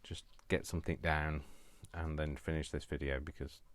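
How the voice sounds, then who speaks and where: A man with a very deep, level voice hosts a casual crafting vlog, rambling to himself at a moderate pace as he works. He pokes fun at himself and often breaks into fits of giggling, in a dry recording.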